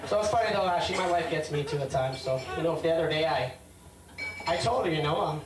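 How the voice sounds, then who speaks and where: Talking fast in a slightly high voice, a male comedian rambles hesitantly through his stand-up set and answers hecklers. A distant mic captures roomy club sound with a loud crowd and background noise.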